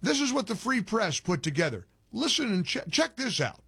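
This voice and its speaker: A man hosting an opinionated political commentary monologue, indignant and animated, rambling with restarts. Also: high voice, moderate pace, vocal fry, breathy edge.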